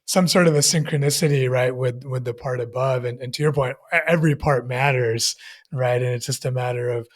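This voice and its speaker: A man's voice: medium pitch, fairly even intonation, fairly quick. A man in a podcast conversation, talking thoughtfully and searching for his words as he goes.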